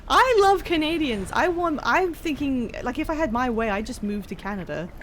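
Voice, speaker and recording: Woman streamer, casual and excitable, bouncy, slightly high voice, self-deprecating chatter, faint game music behind. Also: normal speed, slight background noise. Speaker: livestreamer playing a video game. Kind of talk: casual live-stream chat.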